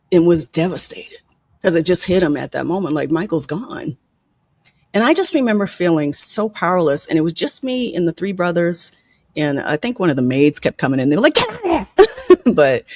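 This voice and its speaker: Candid, profane film producer telling stories. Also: no echo. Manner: candid and profane, acts out quoted people with sharp pitch jumps. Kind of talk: candid interview storytelling.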